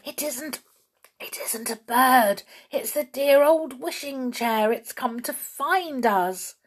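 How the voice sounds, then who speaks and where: A woman voicing an anxious young girl in a storybook reading, with a breathy voice. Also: high-pitched, takes it slowly, pitched above the performer's own voice, heavily acted. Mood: excited whisper.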